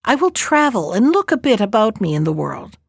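A woman's voice: medium pitch, big pitch swings, brisk, vocal fry, dry recording. Woman reader as an eager young storybook hunter; earnest, plain, dry recording. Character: lovestruck young male hunter, eager and generous.

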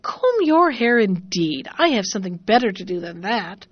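A woman's voice: mid-range voice, very animated, moderate pace, no echo, muffled recording. A woman voicing a rude, impatient young girl in a storybook reading, with a snappish, dismissive manner. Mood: rude, hurried. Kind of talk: storybook narration.

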